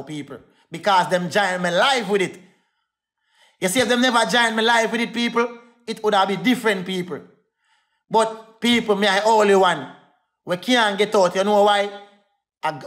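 A man's voice: high voice, a bit bright. A young Jamaican man in a heated livestream rant, defiant and repetitive, calling out to his viewers.

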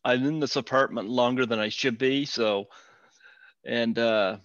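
A man's voice: mid-range voice, measured pace, fairly bright tone, muffled recording. A man hosting a casual interview on a video call, asking short questions and laughing often. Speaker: podcast host.

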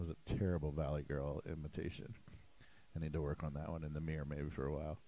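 Emphatic, animated preaching man. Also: extremely low pitch, fast, poor audio. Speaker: pastor. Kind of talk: sermon. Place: church sanctuary.

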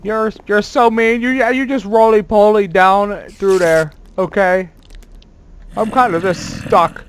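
A gaming host does let's play commentary in a voice that sits high, with slight background noise. He's excitable and quick to swear, yelling at sudden scares and bragging in a playfully boastful way.

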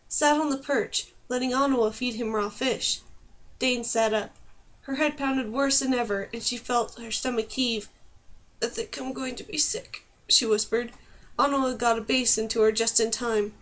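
A woman reading a novel chapter aloud as an audiobook, lifting her voice for the characters' emotional lines. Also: fairly high pitch. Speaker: audiobook reader. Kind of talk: scripted narration.

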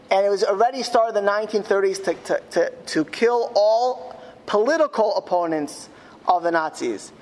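A man, a rabbi, telling a story in a speech to school students. He slows down emphatically on key words. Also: sits high, in a large hall. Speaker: rabbi giving a talk at a school. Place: school hall.

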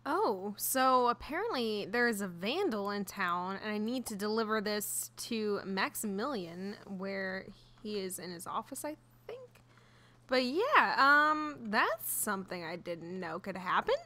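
A woman's voice: medium pitch, sing-song, unhurried, sharp tone. A young woman giving casual, chatty commentary on her own video game, giggly and easily flustered. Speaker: gaming YouTuber. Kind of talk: casual let's-play commentary.

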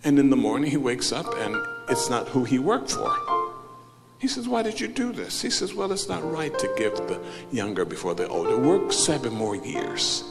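A man preaching a sermon as a bishop, acting out the people in his story and swinging from hushed asides to loud cries. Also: mid-range voice, very animated, moderate pace. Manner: acts out biblical characters, swings from hushed to shouting. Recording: live hall with loud music behind.

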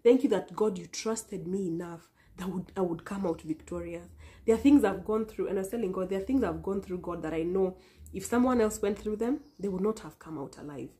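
Woman, mellow voice, earnest, emotional, pleading vlog testimony. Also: mid-range voice, fairly quick. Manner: earnest, emotional and pleading, with soft whispered repeats. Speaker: vlogger sharing a testimony. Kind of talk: heartfelt religious testimony and encouragement.

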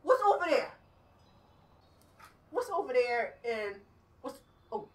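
Loud, shrieking, laughing woman gamer. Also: high voice, very animated, slow, distant mic, very noisy. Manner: loud, cursing, half laughing half crying. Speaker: gaming streamer. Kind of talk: screaming, laughing game reaction.

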